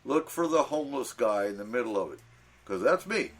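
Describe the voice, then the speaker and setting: A man's voice: medium pitch, expressive, fairly quick, fairly bright tone, a little hiss or hum. A man hosting a radio talk show in casual chat, telling anecdotes with fillers and acting out the voices of people he quotes. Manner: storytelling, acts out quoted voices; laughs often, frequent fillers.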